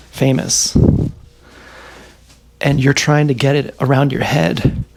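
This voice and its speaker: A man's voice: a little high, gravelly, a little mellow. A man vlogging at home, musing aloud in a meandering casual monologue and breaking off to talk to his dogs.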